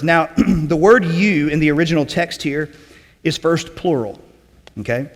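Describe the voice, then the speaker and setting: A man preaching a sermon in a conversational teaching way, often checking in with "okay?" and clearing his throat. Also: fairly high pitch, unhurried, in a large hall. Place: church sanctuary.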